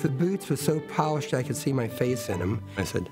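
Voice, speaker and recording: A man's voice: on the low side, expressive, normal speed, gravelly, few pauses, over music. A man telling a wry anecdote in a dry manner in a documentary interview. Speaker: interviewee, acquaintance of the subject.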